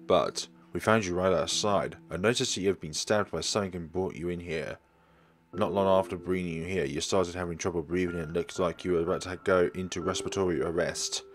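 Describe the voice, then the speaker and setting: A calm, caring young companion in a horror game, read by a man. He talks gently and earnestly in a very deep voice, with faint music in the background. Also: fairly quick, close to an everyday voice.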